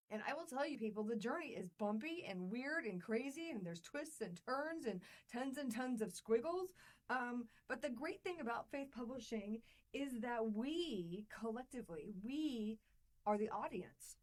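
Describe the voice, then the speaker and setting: A woman's voice: on the high side, a little mellow, rough recording. A woman hosting a solo podcast, talking with bubbly enthusiasm and playful asides to her listeners. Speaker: podcast host and publisher. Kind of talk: casual solo podcast talk.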